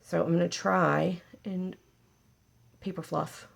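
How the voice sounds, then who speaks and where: Gravelly woman chatting through a craft tutorial. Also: on the low side, unhurried, long pauses. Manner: chatty, jokey, talks to viewers while working.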